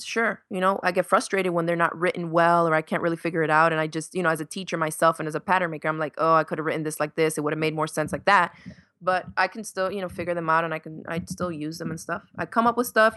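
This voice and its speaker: A woman's voice: on the low side, steady tone, fast, fairly bright tone, dry recording, clean studio sound. A woman in her thirties, a guest on a podcast, chatting casually and acting out quotes as she tells stories. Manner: chatty storyteller, acts out quotes with laughs. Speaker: podcast guest, sewing YouTuber. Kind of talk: casual interview chat.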